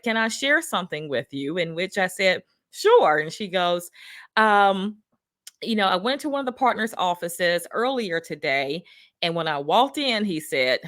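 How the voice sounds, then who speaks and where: A woman's voice: on the low side, fairly bright tone, no echo, clean studio sound. A woman hosting a talk about workplace culture, telling personal stories in a conversational way and often checking in with the listener with tag questions. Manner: frequent tag questions, storytelling. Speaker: workplace culture speaker and host.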